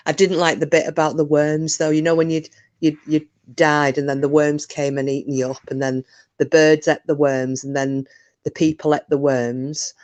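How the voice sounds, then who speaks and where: A woman's voice: sits low, flat delivery, moderate pace, darkish tone, muffled recording. Woman, live-stream host, casual chat, rambling, jokey, restarts her sentences. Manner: rambling, self-interrupting, jokey. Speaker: livestream host.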